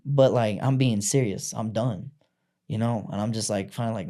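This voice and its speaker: A man's voice: on the low side, moderate pace, mellow. A man on a podcast as a guest, telling his own story candidly in blunt, profane everyday speech. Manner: blunt and profane, acts out quoted voices.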